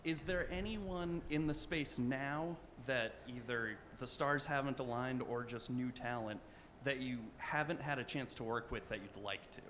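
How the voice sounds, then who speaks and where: A man in the audience asks the panel a polite, earnest question in a bright, forceful voice. The long echo of a convention hall follows his words, and faint noise sits behind them. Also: medium pitch, a little slow. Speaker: audience member asking a question.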